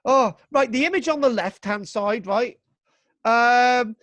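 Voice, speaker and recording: A British man teaches archaeology to young students in a live online class over video call, excitable and jokey, playing at exasperation and adding "right?" to the end of his sentences. His pitch is extremely high, he talks slowly, and the recording is dry.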